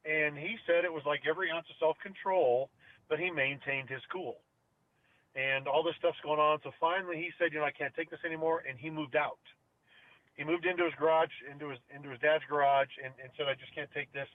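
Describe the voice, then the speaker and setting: A middle-aged man rambles through a story in casual chat, slightly high-pitched and full of ums and restarts. His voice comes through narrow and phone-like, with a dry, close sound. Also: fairly even intonation, a little fast, dry recording. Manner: rambling, many fillers and restarts. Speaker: podcast co-host.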